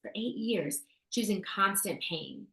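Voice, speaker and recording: This co-host's voice is medium-pitched, pushed and bright, with lively intonation and a measured pace. In casual conversation she tells a story about essential oil tips, full of fillers and restarts, in a room with noticeable echo.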